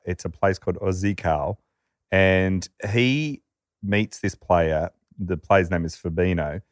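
Deep-voiced storyteller. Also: male voice, takes it slowly, no room sound, studio quality. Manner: lively storyteller, quotes characters. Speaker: podcast co-host. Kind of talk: storytelling chat.

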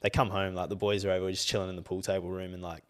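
Young Australian man, low-pitched, animated, sweary podcast banter. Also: rapid-fire, clean tone. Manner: animated, swears a lot, gets loud when worked up. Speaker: podcast co-host. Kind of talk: casual chat.

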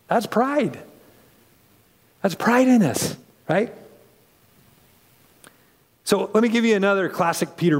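Guy preaching, pretty high voice, lively and chatty, big echoey hall. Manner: conversational, animated, acts out voices. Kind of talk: sermon.

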